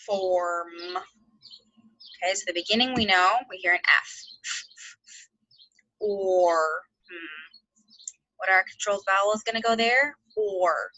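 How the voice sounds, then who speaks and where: Teaching second graders phonics online, a woman sounds out letters slowly and cheers the class on. Her medium-pitched voice is bright and forceful, and the recording's highs are cut off.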